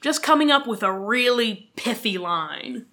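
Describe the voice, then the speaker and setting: Bright-voiced woman chatting and joking. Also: a little high, expressive, unhurried. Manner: jokey, dry, storytelling with filler words. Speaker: podcast co-host. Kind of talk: casual chat.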